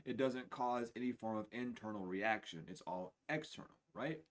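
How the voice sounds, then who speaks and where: A man speaks into a home streaming setup as he gives a spiritual reading, his voice sitting at an ordinary middle pitch. He is loose and profane, sliding from quiet muttering into loud, laughing outbursts. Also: normal speed, few pauses. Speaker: spiritual reader.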